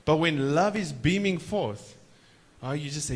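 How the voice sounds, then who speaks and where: A man preaching a sermon at a church conference, stretching key words slowly for emphasis and prompting the audience to answer back. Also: on the high side, animated.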